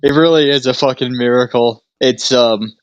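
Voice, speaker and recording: A man's voice: medium pitch, normal speed, smooth, dry recording. A young man co-hosting a casual chat, rambling through a story, laughing often and acting out what others said. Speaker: podcast co-host.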